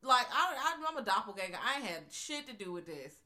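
A woman's voice: a little high, very animated, brisk, pushed and bright. A woman casually chatting as a podcast co-host about a movie, blunt and profane in her commentary. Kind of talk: casual chat reviewing a movie.

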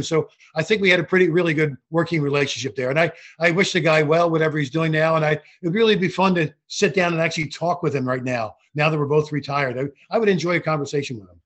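An older man, a retired basketball referee, telling animated stories from his career in an interview. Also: on the high side. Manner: animated anecdotal storytelling with frequent restarts. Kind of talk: storytelling interview.

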